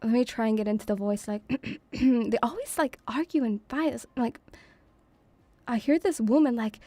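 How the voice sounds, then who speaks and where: A woman's voice: a little high, moderate pace, dark tone, no room sound. A woman streaming as a VTuber, chatting in a playful, doting, rambling way. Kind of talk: casual debut stream chat. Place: home room, near pubs.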